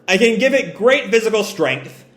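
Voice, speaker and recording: A man's voice: high-pitched, animated, moderate pace, fairly bright tone, voice pushed up. A man voicing a cruel, gloating male pirate villain with a taunting manner, read aloud from a comic. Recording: roomy echo.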